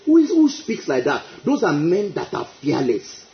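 At normal speed, a man with a fairly high voice preaches emphatically, his pitch swinging hugely as he repeats phrases and breaks into praise. The recording is echoey and dull lo-fi.

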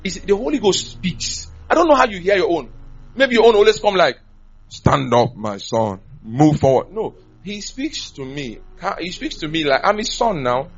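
A man preaching a sermon, animated, swinging from loud to soft. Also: sits high, moderate pace, husky, muffled recording, faint music behind.

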